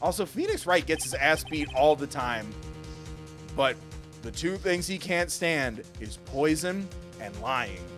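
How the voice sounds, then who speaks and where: A man's voice: fairly high pitch, animated, a little slow, music in the background. A man streaming a video game live, commenting with profane, sarcastic banter. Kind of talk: live let's-play commentary.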